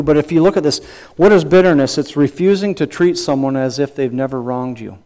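Emphatic male preacher, fairly high voice. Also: fairly quick, mellow. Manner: emphatic preaching with repeated phrases and rhetorical questions. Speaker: pastor and counselor. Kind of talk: sermon.

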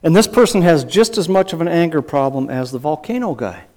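A man preaching from the pulpit, his voice sitting a little high for a man. He talks emphatically, repeats his phrases and asks the congregation rhetorical questions as he makes his points. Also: animated, fairly quick, darkish tone. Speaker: pastor and counselor. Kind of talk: sermon.

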